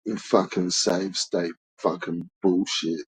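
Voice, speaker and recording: Husky man ranting with heavy swearing. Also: low-pitched, level tone, slow pace, dry recording, rough recording. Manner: profane, blunt, swears constantly. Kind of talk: casual rant to chat.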